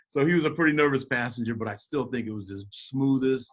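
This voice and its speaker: A middle-aged man telling a story as a podcast guest, animated and jokey, acting out quotes in shifting voices. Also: medium pitch, brisk. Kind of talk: casual storytelling.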